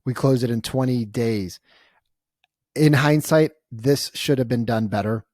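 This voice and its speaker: A man coaching real estate agents in a casual walkthrough, energetic and constantly tagging his points with "right?". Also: medium pitch, measured pace, no room sound, clean studio sound. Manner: acts out client conversations in storytelling bursts.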